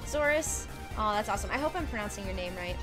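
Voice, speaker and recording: A young adult woman streams a video game live, chatting casually with viewers, giggling, and reading game lines out loud, with game music running beneath her voice. She talks fast in a mid-range voice with lively intonation.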